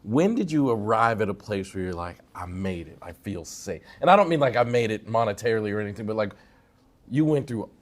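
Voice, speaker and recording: A man's voice: lowish voice, lively intonation, quick pace. A middle-aged man hosting an interview, asking thoughtful questions and speaking admiringly of his guest. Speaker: interview host, psychotherapist. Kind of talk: conversational interview.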